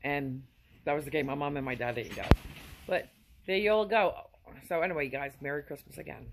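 A woman's voice: deep voice, brisk, background noise. A woman in her fifties sends effusive, rambling holiday greetings to her viewers from her home. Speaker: vlogger.

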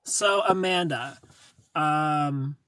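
A man's voice: a little high, extremely slow, pushed and bright, dry recording. A man hosting a casual livestream, teasing his guest with a chuckle and greeting viewers by name. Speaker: livestream host. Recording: distant mic, husky sound.

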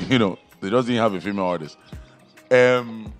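A man's voice: fairly low pitch, a little slow. Nigerian man, guest podcast co-host, emphatic ranter, faint music bed. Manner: emphatic, animated, ranting with bursts of laughter. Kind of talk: casual podcast chat.

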